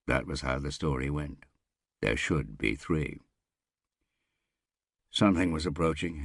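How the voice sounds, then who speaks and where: A man reading a thriller audiobook aloud in a measured, unhurried way. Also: extremely low pitch, no echo, clean studio sound. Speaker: audiobook narrator. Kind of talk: scripted thriller narration.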